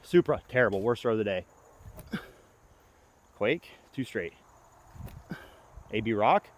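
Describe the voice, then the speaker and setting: A young man filming himself outdoors, giving excitable play-by-play of his own throws as he talks to himself, pleading and groaning. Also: lowish voice, unhurried. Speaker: disc golf vlogger. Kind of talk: self-filmed play-by-play commentary. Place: outdoor disc golf course.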